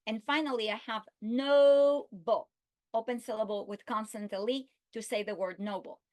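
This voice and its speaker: A woman giving an instructional video lesson, speaking slowly and deliberately and stretching out her example words. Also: mid-range voice. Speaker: literacy instructor.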